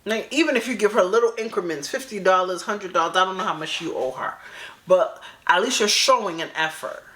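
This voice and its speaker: A woman's voice: medium pitch, brisk, fairly bright tone. A woman hosting a reaction video, commenting in an incredulous, talk-back way. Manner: incredulous, talks back at the clip.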